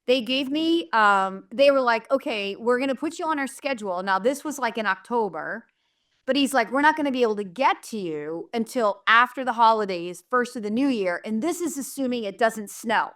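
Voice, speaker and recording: A woman's voice: a little high, expressive, normal speed, fairly bright tone. A middle-aged woman from New England telling a story casually and animatedly, acting out the people she quotes and using many fillers. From southern New Hampshire. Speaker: manifestation coach.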